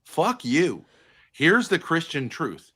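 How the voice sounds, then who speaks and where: A man's voice: a little high, sing-song, takes it slowly, fairly bright tone, a little hiss or hum. A man in a heated argument on a live stream, blunt, confrontational and swearing freely.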